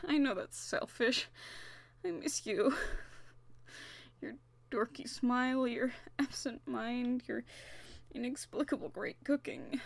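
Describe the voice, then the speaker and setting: A woman playing a tearful, high-voiced young inventor. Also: vocal fry, exaggerated voice. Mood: longing. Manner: anguished, halting, self-critical. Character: distraught young woman inventor, self-doubting. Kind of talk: audio drama acting.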